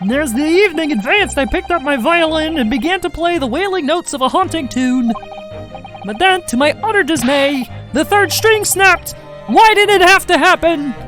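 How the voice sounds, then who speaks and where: A woman's voice: high-pitched, expressive, moderate pace, a bit bright, faint music behind, voice pushed up. A woman voicing a pompous, eccentric male detective in a grandiloquent, declaiming manner while reading game dialogue aloud. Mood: dramatic.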